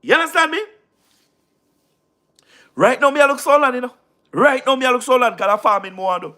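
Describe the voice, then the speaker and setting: On his casual livestream, a Jamaican man talks a little fast in a very high, bright voice. He is emphatic and repetitive, constantly checking whether you understand what he means.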